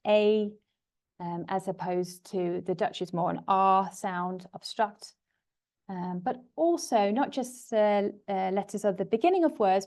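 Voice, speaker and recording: A woman's voice: mid-range voice, warm tone. A woman teaching English pronunciation in a webinar, explaining patiently and overpronouncing example words over a computer mic. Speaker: language teacher. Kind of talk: webinar lesson.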